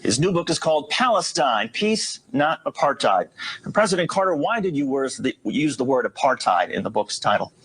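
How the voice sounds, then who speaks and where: A man hosting a television interview, pressing his guest with quick interrupting follow-up questions. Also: fairly high pitch, sing-song, fairly bright tone, breathy edge. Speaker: TV interviewer, host.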